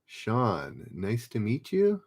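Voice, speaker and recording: Guy hosting an online trivia night, kinda low voice, chatty, reading out questions and shouting out players. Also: huge pitch swings, slow, gravelly. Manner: chatty, reads questions aloud and calls out players' names. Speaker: trivia quiz host. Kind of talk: live-streamed pub quiz hosting.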